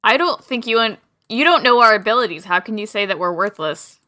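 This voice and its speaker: A woman's voice: mid-range voice, animated, a little fast, pushed and bright, dry recording, studio quality. A woman playing a tabletop game who questions the other characters with wry asides. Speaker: player.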